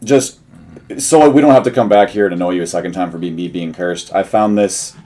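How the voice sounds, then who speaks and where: Stammering low-voiced player. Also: mellow. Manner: halting, stammering. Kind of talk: casual tabletop play.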